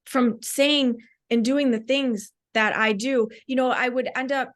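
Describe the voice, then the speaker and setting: A woman's voice: fairly high pitch, fairly even intonation, a little slow. A woman speaking as a podcast guest, candid and reflective, with frequent "like" fillers. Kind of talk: casual conversational interview.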